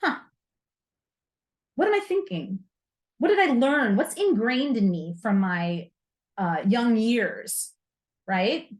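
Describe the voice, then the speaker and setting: A woman's voice: fairly high pitch, expressive, slow pace, long pauses. A woman hosting a self-help podcast, talking candidly and with humor, using playful slang. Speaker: podcast host.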